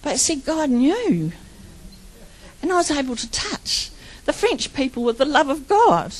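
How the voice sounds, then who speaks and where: A woman's voice: high voice, big pitch swings, unhurried, rough recording. A middle-aged woman preaching a personal testimony sermon, telling her story with laughter and tearful moments.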